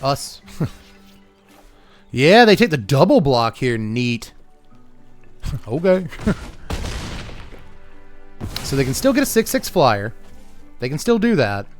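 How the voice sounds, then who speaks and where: A man at a middle pitch commentates his own card game match in a wry, joking way. He chuckles often, and faint music plays behind him. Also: big pitch swings, takes it slowly, long pauses. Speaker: host of a card game channel. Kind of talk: gameplay commentary.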